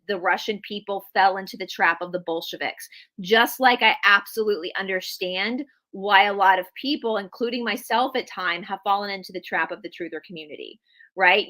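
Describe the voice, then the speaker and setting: Here a Southern-accented woman speaks at medium pitch with a pushed, bright sound. As a guest historian on a casual livestream, she chats freely and voices strong opinions, frequently starting her thoughts over.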